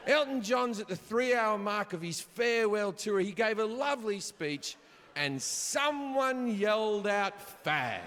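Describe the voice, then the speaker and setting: A man doing stand-up storytelling, swearing freely and shouting his punchlines, recorded live on a theater stage. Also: sits high, measured pace, slight background noise. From Australia. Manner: profane, animated, shouts punchlines. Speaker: stand-up comedian. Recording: live hall reverb, audience ambience.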